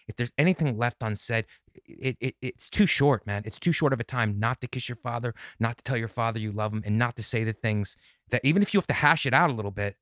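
A man in his forties with a fairly low voice speaks earnestly and reflectively, often repeating himself as he works through a thought. The recording is close and dry. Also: fairly bright tone, no room sound. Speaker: podcast guest, comedian. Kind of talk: casual conversation.

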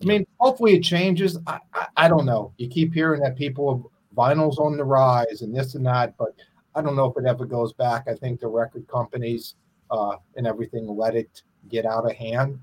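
A man's voice: medium pitch, fairly quick. A middle-aged man, an independent musician, chatting casually on a podcast, rambling and self-deprecating as he trails off.

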